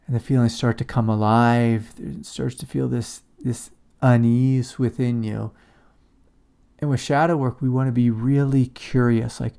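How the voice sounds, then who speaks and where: A man giving a calm, reflective spiritual talk as a teacher. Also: medium pitch, measured pace, vocal fry, clean tone. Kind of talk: satsang talk on shadow work.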